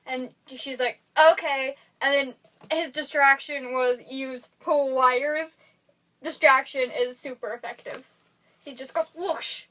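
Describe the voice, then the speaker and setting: A young woman with a high voice chats on a podcast. She retells movie moments with animated, giggly energy and a casual tone. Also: a little slow, low-quality recording. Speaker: podcast co-host. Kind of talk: casual chat.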